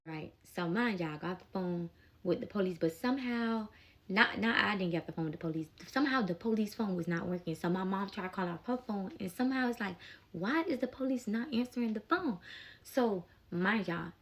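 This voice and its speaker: Animated young woman telling a story. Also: fairly low pitch, fairly quick. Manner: animated, emotional retelling with slang. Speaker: mother telling a personal story. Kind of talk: casual storytime vlog.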